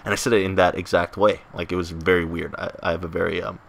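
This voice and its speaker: A man's voice: low voice, flat delivery, fast talker, vocal fry, a bit bright. A young man vlogging to his viewers in a casual, joking, self-mocking ramble, full of fillers and restarts. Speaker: gaming vlogger.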